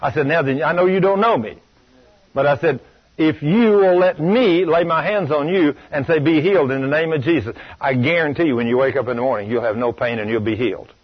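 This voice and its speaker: A man preaching a sermon, telling a story in a folksy, emphatic way that swings between loud bursts and low asides. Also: a little fast, husky. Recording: dull lo-fi radio recording.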